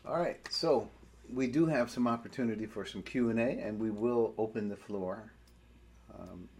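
A man leading prayer and a Bible study, speaking in a halting way as he searches for words. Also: fairly low pitch, darkish tone, a little hiss or hum.

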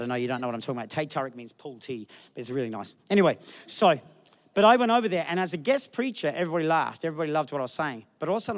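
Aussie pastor guy preaching fast, animated, does silly voices of people. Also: medium pitch. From Australia. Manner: animated, acts out people in the crowd with funny voices. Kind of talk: sermon.

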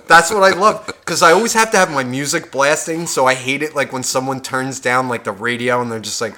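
Brash, bright-voiced man telling stories. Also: medium pitch, brisk, hardly any pauses. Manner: animated, swears a lot, acts out other people's lines. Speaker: podcast co-host. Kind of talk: casual chat, comic storytelling.

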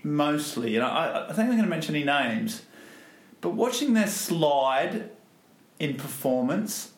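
A man's voice: on the high side, sing-song, unhurried, reverberant. Dry, teasing man. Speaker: podcast co-host. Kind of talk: casual chat.

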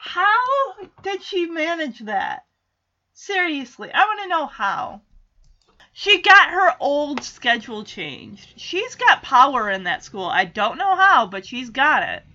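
A woman's voice: high-pitched, very animated, takes it slowly, bright, forceful tone, highs cut off. A woman in casual recap chat, chatty and giggly, acting out character lines as she goes. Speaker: TV show recapper.

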